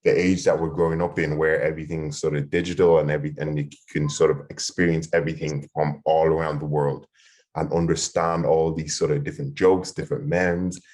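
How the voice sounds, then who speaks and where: A man's voice: a bass voice, little pitch movement, a little fast, darkish tone. A man, a podcast host speaking enthusiastically in a casual panel discussion. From Ireland. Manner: enthusiastic, rambling, many fillers.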